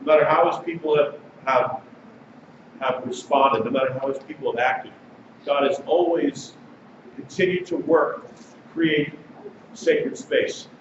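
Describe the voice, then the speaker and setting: A man's voice: fairly high pitch, unhurried, pauses often. A man preaching a sermon as pastor, talking to the congregation in a conversational way and reading passages aloud. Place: congregation sanctuary. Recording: distant mic, echoey sanctuary, dull and noisy.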